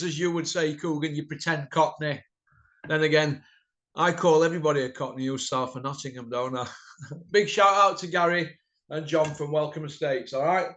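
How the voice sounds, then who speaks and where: A man hosting a boxing channel, ranting bluntly and mockingly to camera and rising to shouts. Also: fairly high pitch.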